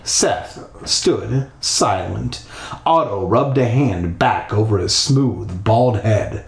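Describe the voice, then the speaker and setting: A man reads a spooky children's book aloud from his bathtub, tossing in crude, irreverent asides. He reads slowly, with a voice that rises and falls widely. The bathroom walls give it a strong echo. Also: on the low side, animated, gravelly. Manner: irreverent, swearing ad-libs. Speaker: reader. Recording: echoey bathroom.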